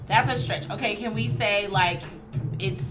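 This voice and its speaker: A woman's voice: medium pitch, a little slow, music in the background. A woman co-hosting a casual chat, reacting with short remarks and questions. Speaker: podcast co-host.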